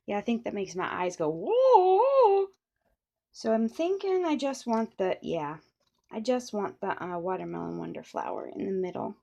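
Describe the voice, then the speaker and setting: A woman's voice: a little high, gravelly, warm tone. A middle-aged woman chatting through a papercraft tutorial, rambling with playful asides. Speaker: papercraft demonstrator. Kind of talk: casual crafting tutorial.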